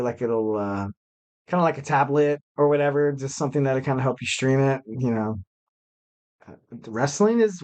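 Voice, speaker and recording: A man's voice: mid-range voice, darkish tone. Young guy hosting his own podcast, rambles a lot with ums, jokes at himself. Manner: rambling, filler-heavy, self-joking. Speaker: podcast host. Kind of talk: casual solo podcast chat.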